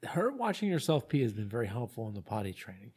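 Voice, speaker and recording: A woman's voice: a bass voice, big pitch swings, fast, a little mellow, breathy edge. A woman co-hosting a podcast in casual chat, swearing freely, enthusiastic, and repeating herself. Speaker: podcast co-host.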